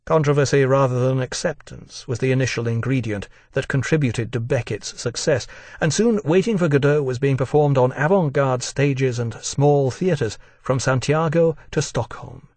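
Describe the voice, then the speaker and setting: Measured male documentary narrator, dry sound. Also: mid-range voice, a little mellow, no echo. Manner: measured, deliberate delivery.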